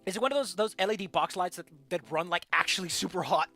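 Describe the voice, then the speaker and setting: Over faint background music, a streamer talks fast in a mid-range voice while reading a visual novel aloud. Their commentary is animated and jokey, punctuated by loud squeals.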